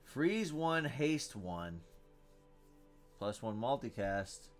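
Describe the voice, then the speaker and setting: A man giving live commentary on his own game, thinking out loud, reading card text aloud and bursting into loud cheers. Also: medium pitch, big pitch swings, extremely slow, faint music behind. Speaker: gameplay streamer.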